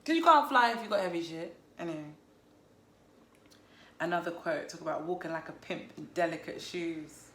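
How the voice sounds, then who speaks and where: A woman chats casually about a novel she loved, playful and amused at her own jokes. Her voice sits fairly low for a woman. The room adds a noticeable echo around her. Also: moderate pace, a bit bright. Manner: chatty, playful, laughs at herself. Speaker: book vlogger. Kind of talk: casual book review. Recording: roomy echo.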